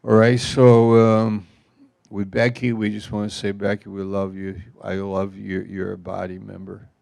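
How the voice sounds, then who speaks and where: A man's voice: on the low side, completely flat delivery, measured pace, creaky, darkish tone, no room sound. A man speaking as a pastor in an informal church talk, rambling and emotional, laughing through his stories.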